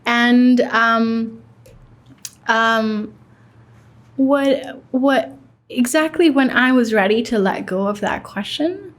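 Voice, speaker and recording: A woman's voice: on the high side, slow pace, pauses often. A young woman from Pakistan, a guest in an interview, telling a personal story in a reflective way and quoting her own thoughts.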